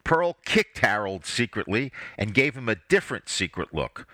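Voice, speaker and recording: Guy reading his family story aloud, wry, bright voice, dry sound. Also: on the low side, very animated, moderate pace, no room sound. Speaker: narrator.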